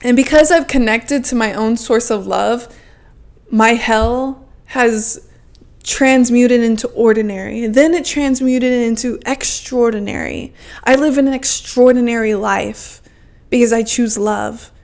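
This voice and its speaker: A young woman in her twenties with a high voice talks straight into the mic as a podcast host. Her self-help monologue is fervent and emotional, full of "like" and blunt swearing. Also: steady tone, a little slow, vocal fry, darkish tone. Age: 20s. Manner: fervent, repeats "like" often, swears freely.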